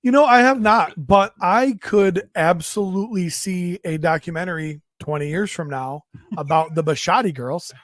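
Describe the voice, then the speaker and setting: Male podcast co-host, high pitch, profane riffing, mock rants. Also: normal speed, fairly bright tone, no room sound, clean studio sound. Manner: crude, joking, mock rants. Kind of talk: casual banter.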